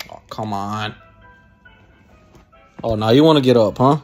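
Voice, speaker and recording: A man's voice: on the low side, a little slow, a little mellow, soft background music, low-quality recording. A young man casually vlogging at home on a phone, hyped and playful, chatting to his dog. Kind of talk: casual vlog. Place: at home, indoors.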